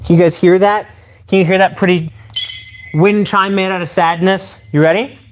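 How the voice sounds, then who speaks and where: A man live-streaming a demonstration of improvised weapons. He talks to his chat in an excitable, playful way. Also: high voice, moderate pace, a little hiss or hum. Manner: excitable and playful, addressing viewers directly.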